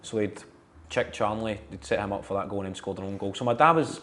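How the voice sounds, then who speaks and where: Wry Scottish comedian in casual chat. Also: male voice, fairly low pitch, steady tone, quick pace, a bit bright. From Scotland. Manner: wry, joking, broad local words. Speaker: comedian guest.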